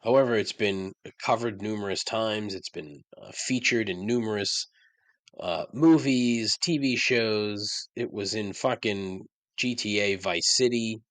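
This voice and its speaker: A man's voice: lowish voice, measured pace, fairly bright tone, no echo. A man hosting his own podcast, ranting about songs he hates with sarcasm and frequent swearing. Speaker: podcast host. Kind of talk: casual monologue.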